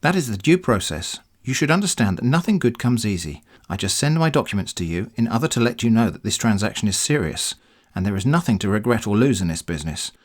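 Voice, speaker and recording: Guy reading as a testy old bank-officer scammer, low voice, swoops up and down, keeps saying brother. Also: very animated, quick pace. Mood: insistent. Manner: insistent, testy, keeps calling you brother. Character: pushy elderly male bank officer scammer. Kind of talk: reading scam emails aloud.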